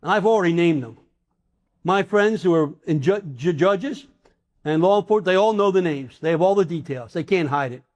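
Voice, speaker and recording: Older man, high-pitched voice, emphatic, indignant, interview guest. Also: lively intonation, fairly quick, a little mellow. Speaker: former congressman, guest.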